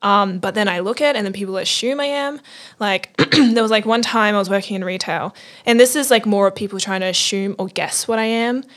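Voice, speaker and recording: A woman's voice: mid-range voice, brisk. A young woman, a podcast host telling a story over casual talk, full of fillers like "like". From Australia. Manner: chatty storyteller, lots of fillers like 'like' and 'I'm just like'. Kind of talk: casual conversation.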